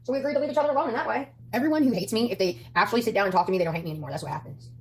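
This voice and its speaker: A woman's voice: on the high side, rapid-fire, slight background noise. A woman ranting casually on a livestream, brash, profane and combative. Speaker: livestreaming YouTuber.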